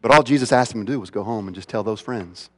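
A man's voice: fairly low pitch, fast, a bit bright, big-room sound. A man preaching a sermon as pastor, emphatic, with repeated phrases and rhetorical questions.

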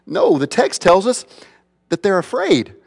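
A man's voice: high voice, wildly swooping pitch, measured pace, vocal fry, big-room sound. A man preaching a sermon as pastor, emphatic, with repeated phrases and rhetorical questions.

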